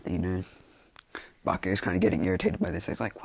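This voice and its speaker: Casual storyteller, man, low and gravelly, rambling with endless fillers. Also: fairly even intonation, unhurried, pauses often, a little hiss or hum. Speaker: fan storyteller.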